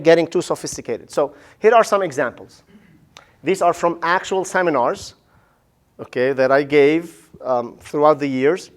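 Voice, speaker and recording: A male professor giving a casual, animated lecture on public speaking. He often asks "right?" and acts out the listeners' reactions. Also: a little high. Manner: casual, says "man" and "right?".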